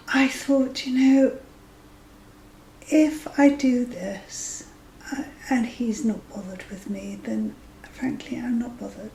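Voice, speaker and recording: A woman in her fifties, a vlogger, tells a dating story in a chatty, amused manner, now and then dropping to a whisper for asides. Her voice is fairly high, creaky and dark-toned. The recording is poor, with an echoey room and a little hiss or hum.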